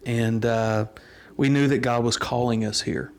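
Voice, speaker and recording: A middle-aged man, a pastor telling the story of his church in an unhurried, earnest way. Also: medium pitch, fairly even intonation. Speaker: pastor and interview guest. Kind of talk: storytelling in a casual interview.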